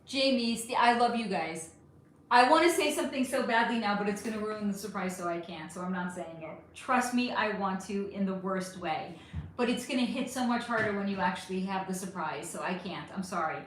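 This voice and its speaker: In a reverberant setting with slight background noise, a middle-aged woman speaks fairly quickly in a mid-range voice. Hosting a casual livestream, she reads viewer comments aloud, affectionate and talkative, using "honey" and swearing freely.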